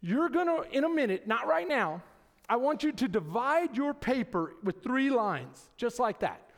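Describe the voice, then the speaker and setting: This sermon comes from a middle-aged pastor whose very high voice moves at a measured pace. He animatedly narrates stories and addresses his congregation by calling out, inside a church sanctuary whose large-hall acoustics leave a long reverb.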